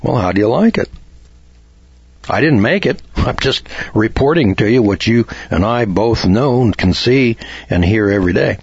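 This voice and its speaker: A man from the United States lectures on law in a folksy, argumentative, homespun way, acting out bits of dialogue. His fairly low voice is animated, a little mellow and slightly rough at normal speed, on a dull, dry lo-fi recording with no room sound.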